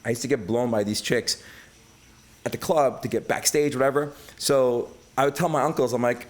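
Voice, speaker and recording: As a podcast guest, a middle-aged man from Brooklyn, New York, tells casual stories briskly in a mid-range voice. He's profane and animated, performing the quotes he recounts.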